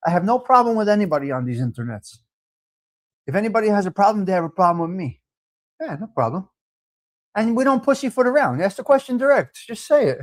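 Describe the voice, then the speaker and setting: A man's voice: high voice, very animated, fast talker. A man hosting a live stream, chatting casually and answering viewer comments in a brash, talkative way. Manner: brash, talkative, mixes in Italian phrases.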